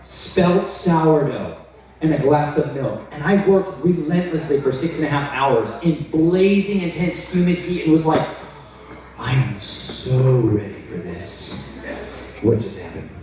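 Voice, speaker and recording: A man preaching an excitable storytelling sermon, intense and breaking into shouts. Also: on the high side, moderate pace, a little hiss or hum. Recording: very echoey, from far off.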